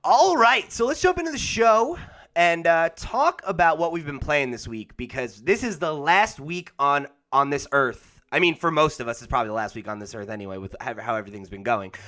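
Bright-voiced man hosting a casual podcast. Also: on the high side, brisk. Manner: jokey, energetic, lots of fillers. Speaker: podcast host. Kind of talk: casual podcast chat and plugs.

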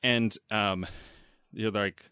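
A man in casual podcast conversation about a film, lively and acting out lines from scenes. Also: on the low side, clean tone, no echo, clean studio sound. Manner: animated, acts out movie lines in quick voices.

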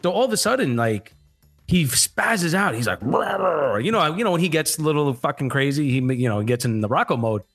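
A man's voice: on the high side, a little fast, faint music behind. A man co-hosting a podcast, telling a story casually, swearing a lot and acting out the voices of the people in it. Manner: profane, animated, acts out voices. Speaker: podcast co-host.

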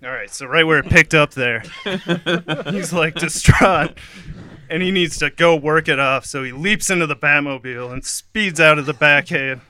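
Faint music plays behind a man whose fairly high, pushed and bright voice moves at normal speed. As a comedic narrator, he gives a giggly, playful play-by-play of an imagined scene over the song, frequently cracking up.

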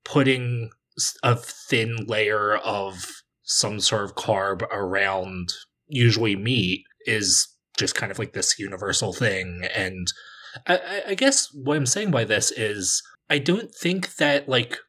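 Man, husky voice, US East Coast accent, casual podcast chat, rambling, hesitant. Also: on the low side, slow pace, pushed and bright. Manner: rambling, hesitant, many fillers and restarts. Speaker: podcast co-host.

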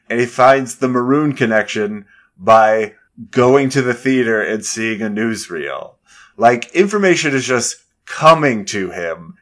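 A man's voice: mid-range voice, a bit bright. A man co-hosting a casual film podcast, talking in a dry, analytical way and laughing easily.

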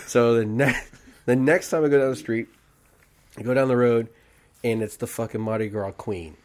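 Animated man telling a wild story. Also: mid-range voice, moderate pace, long pauses. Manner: animated, profane, acts out quoted voices. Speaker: barbershop podcast host telling a story. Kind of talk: casual storytelling among friends.

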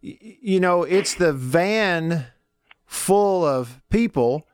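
A man hosting a radio show, telling stories in a folksy, animated way and laughing often. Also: high-pitched, very slow, clean tone, no echo, studio quality. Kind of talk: casual radio talk and storytelling.

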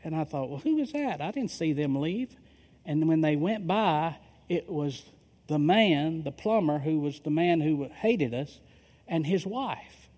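A man's voice: a little high, a little slow, darkish tone. A middle-aged male pastor telling a story in a sermon, acting out the dialogue of the people in it. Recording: long reverb of a large hall.

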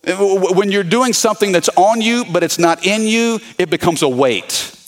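A man's voice: sits high, normal speed. A man preaching a sermon as pastor, repeating his key points and calling out to the congregation.

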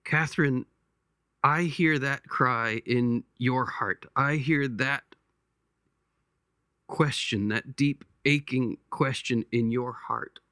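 A man hosting a podcast, giving a slow pastoral reflection, gentle and halting, often repeating words as he searches for them. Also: mid-range voice, smooth, no room sound, studio quality. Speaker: podcast host.

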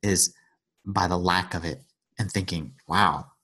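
A man's voice: low voice, steady tone, unhurried, fairly bright tone. A man in an earnest conversational Bible discussion, retelling scripture stories and acting out the quotes.

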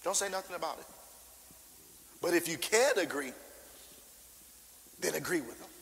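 A man preaching a sermon, informal and animated, acting out scripture and calling out to the congregation. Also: a little high, normal speed, vocal fry, big-room sound, rough recording. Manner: animated, acts out scripture with shouted character voices; informal, call-and-response preaching.

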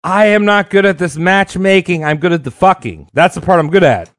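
A man's voice: high voice, animated, brisk, fairly bright tone, no room sound, clean studio sound. A man playing a crude, lusty king who talks in blunt, slangy bro speech.

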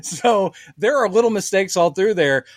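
Animated man chatting about comedy. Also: high voice, moderate pace, dry recording, studio quality. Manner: animated, acts out quoted lines with laughs. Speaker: podcast co-host. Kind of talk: casual chat about old comedies.

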